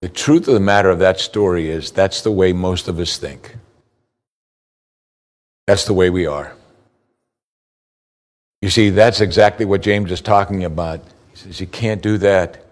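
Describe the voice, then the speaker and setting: A pastor preaches a sermon, reading scripture slowly, and his pitch rises in lively lifts as he presses his points.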